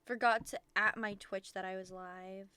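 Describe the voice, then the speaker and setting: A woman's voice: mid-range voice, steady tone, moderate pace, sharp tone, clean tone, dry recording. A young woman streaming from home, venting and rambling with lots of profanity in casual chat.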